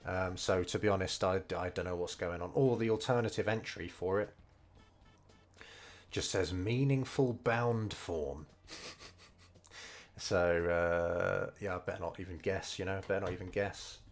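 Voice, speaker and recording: A man casually thinking aloud as he studies Mandarin over gameplay, hesitant and full of fillers. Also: low voice. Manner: slow, unhurried delivery. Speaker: streamer learning Mandarin. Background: faint game music.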